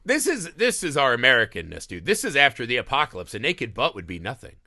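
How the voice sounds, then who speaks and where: A man's voice: medium pitch, wildly swooping pitch, fast talker, sharp tone, no echo, studio quality. A man co-hosting a casual movie podcast, riffing loosely, acting out scenes in silly voices and swearing freely. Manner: swears often. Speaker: podcast co-host. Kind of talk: casual movie review chat.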